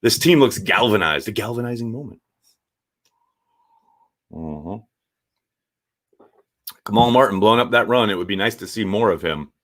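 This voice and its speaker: Animated, blunt man on a live stream. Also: fairly low pitch, normal speed, long pauses. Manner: animated, blunt, swears freely. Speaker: sports show host reading viewer chat. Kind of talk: casual live-stream chat.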